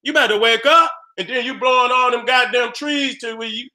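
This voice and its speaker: A man with a very high, bright, sharp-edged voice goes off in a loud, profane rant. He talks straight to his viewers in streetwise slang and keeps slipping into short acted-out exchanges. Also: a little fast. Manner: heated, streetwise, loud, acts out dialogues. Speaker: video host. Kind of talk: profane ranting commentary.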